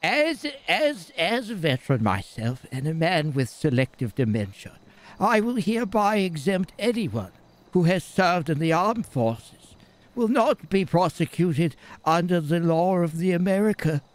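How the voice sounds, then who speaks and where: A man voicing a forgetful old army veteran in a game role-play, halting and repeating his words as he loses his thread. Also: on the high side, very animated. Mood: rambling.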